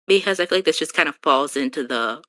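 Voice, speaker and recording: A woman hosting a podcast in casual chat, talking with lots of "like" fillers and animated asides. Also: low voice, quick pace. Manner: chatty, heavy use of "like", animated asides. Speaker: podcast host.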